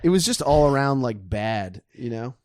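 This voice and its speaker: An American man on a podcast in casual chat, speaking low-key and trailing off quietly. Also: lively intonation, moderate pace, dry recording, studio quality.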